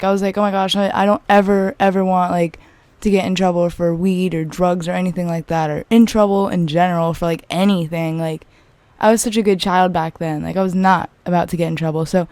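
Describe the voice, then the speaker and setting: A young woman rambles through a personal story in a chatty, animated way, leaning on "like" at every turn. Her voice sits at an ordinary middle pitch. The sound is dry and close, with no room echo. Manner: chatty, filler-heavy, animated retelling. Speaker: vlogger. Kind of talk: casual storytelling.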